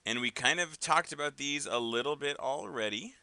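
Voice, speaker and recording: A man's voice: a little high, normal speed, creaky, sharp tone, smooth, no echo. A man teaching an algebra lesson in a casual way, often checking in with "right?" and "okay?". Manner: casual, with frequent fillers and tag questions. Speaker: math teacher. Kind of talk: recorded classroom lesson.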